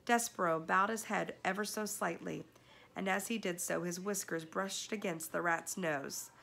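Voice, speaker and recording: A woman reading a chapter book aloud with measured, expressive narration. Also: on the low side, creaky. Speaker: storybook reader.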